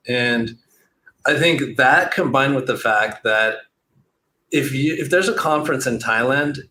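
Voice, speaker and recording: Male interview guest, casual and rambling, bright voice, echoey room mic. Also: medium pitch. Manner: relaxed, rambling with frequent "like" fillers. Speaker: guest, SEO entrepreneur. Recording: roomy echo with faint noise.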